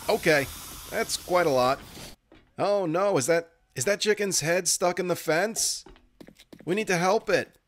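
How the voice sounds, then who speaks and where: Cursing, joking gamer man with a slightly high voice, game music playing underneath. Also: a bit bright. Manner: profane, wisecracking, jokey asides. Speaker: gaming commentator. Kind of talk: joking gameplay commentary.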